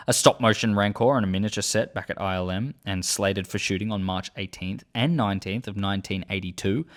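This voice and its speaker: Man, host, reads excerpts aloud, earnest fan enthusiasm, middle pitch, lively expressive range. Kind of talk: reading book excerpts and enthusiastic commentary.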